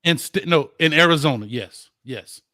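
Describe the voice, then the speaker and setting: A man hosting a casual sports debate, excitable and quick to cut in. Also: fairly high pitch, no room sound, studio quality. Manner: excitable, cuts in often. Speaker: host.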